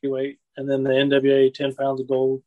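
A man's voice: medium pitch, completely flat delivery, a little fast, narrow, tinny audio. A man chatting casually, rambling through wrestling memories and laughing often. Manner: rambling storyteller, laughs often, says "you know what I mean". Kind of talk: casual chat.

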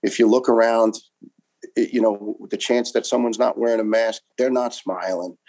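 A man's voice: fairly low pitch, steady tone, moderate pace, darkish tone, rough recording. A man in his fifties from New York, a retired firefighter telling his story in an interview with passion, emphasis and frequent restarts.

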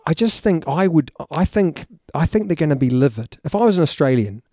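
A man's voice: on the high side, very animated, a little fast, mellow, dry recording, clean studio sound. A man, co-hosting a casual rugby podcast with joking, teasing banter. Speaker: podcast co-host. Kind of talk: casual chat.

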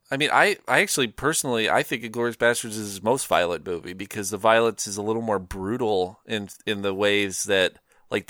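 A man's voice: lowish voice, pushed and bright, no echo, clean studio sound. A man co-hosting a podcast, chatting casually about films, rambling with lots of fillers and frequent laughs. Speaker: podcast co-host. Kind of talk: casual film discussion.

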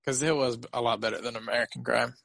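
A man's voice: mid-range voice, steady tone, fast talker, gravelly, fairly bright tone, no echo. Easygoing man, dry close sound. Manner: easygoing, hesitant, agreeable. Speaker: podcast co-host. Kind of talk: casual movie-review chat.

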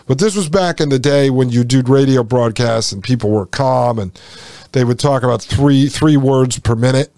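A man's voice: medium pitch, moderate pace, mellow, no echo. A man hosting a podcast, reading passages aloud and breaking off into folksy, sarcastic asides to his listeners. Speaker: podcast host.

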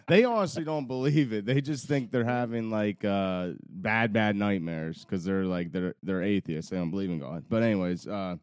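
Laid-back young man, deep smooth voice. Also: moderate pace, darkish tone, no echo. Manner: rambling, laughs often, swears casually. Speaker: podcast co-host. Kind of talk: casual chat.

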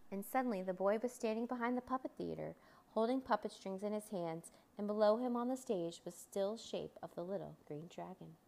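A woman reads a children's storybook aloud, narrating in a scripted, expressive way. Her voice sits at a middle pitch for a woman and turns livelier whenever the story's crowds cheer.

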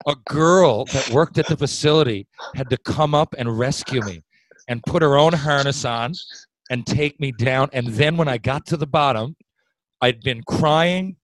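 A man telling a long story in casual chat, swearing often and getting loud when worked up. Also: medium pitch, measured pace, slight background noise, low-quality recording. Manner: profane, animated, swings loud when worked up.

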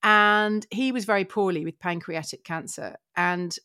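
A middle-aged woman from England, a podcast guest telling her career story in a lively, earnest way with many restarts. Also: medium pitch, a little slow, dry recording, studio quality. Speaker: guest, broadcaster and child therapist. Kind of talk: personal storytelling in a podcast conversation.

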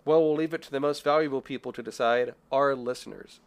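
A man's voice: mid-range voice, fast talker, smooth. Rambling man co-hosting a film podcast. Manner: rambling, self-deprecating, giggly. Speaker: podcast co-host. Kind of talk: casual film review chat.

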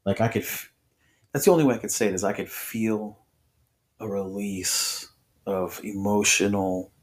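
A man's voice: lowish voice, fairly even intonation, moderate pace. A man on a podcast telling his personal faith testimony in an earnest, conversational way, full of restarts and voiced quotes. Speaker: podcast guest.

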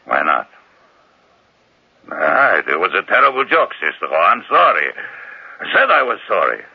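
A gravelly, brooding old dictator. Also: male voice, huge pitch swings, heavily acted. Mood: pleading. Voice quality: deep gravelly voice, slow deliberate delivery. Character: aging male dictator, mocking, self-pitying, lonely. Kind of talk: 1940s-50s radio drama acting. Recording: dull lo-fi old radio recording.

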